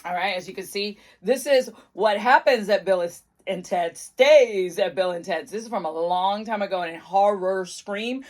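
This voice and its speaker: A chatty, bubbly middle-aged woman talks straight into her phone camera. Her voice sits at an ordinary middle pitch as she moves between warm encouragement and sudden excited bursts. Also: moderate pace, few pauses. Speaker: mental wellness vlogger. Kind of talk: casual chat to camera.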